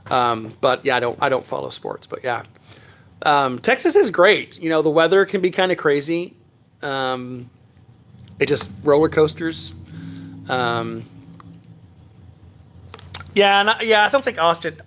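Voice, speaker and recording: A man's voice: fairly high pitch, fairly bright tone. A middle-aged man hosting a casual livestream, chatting with viewers in a rambling way with many fillers and restarts. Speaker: livestream host. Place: home, living in Texas. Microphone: phone or webcam on a livestream.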